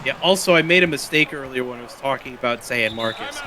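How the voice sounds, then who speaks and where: A man from Louisiana doing casual color commentary, chatty and halting, correcting himself as he goes. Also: medium pitch, a crowd in the background.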